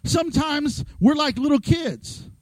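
A middle-aged man preaching a lively, joking sermon as pastor, acting out quoted voices. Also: extremely high pitch, measured pace, no room sound, rough recording.

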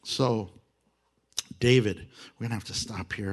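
A man teaching a Bible lesson in a casual, animated way, often laughing and acting out quoted apologies. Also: medium pitch, normal speed, husky.

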